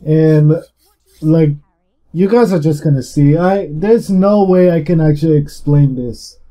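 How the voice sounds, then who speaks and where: A young man giving casual, rambling gameplay commentary, swearing freely and talking louder and more energetic than usual. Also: on the high side, a little slow. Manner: rambling and heavily profane. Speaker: gaming YouTuber.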